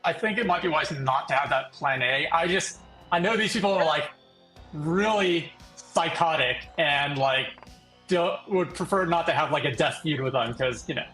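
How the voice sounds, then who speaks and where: A man playing a tabletop game, chatty and quick to laugh. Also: a little high, bright, forceful tone. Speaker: player. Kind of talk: casual tabletop play. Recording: roomy mic with faint music.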